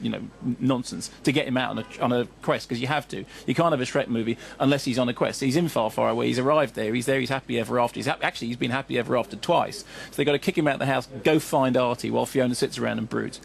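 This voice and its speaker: A man reviews a film on the radio at a rapid clip, with a gravelly edge to his voice. He is wry and digressive, with many asides. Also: mid-range voice, a little hiss or hum. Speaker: film critic.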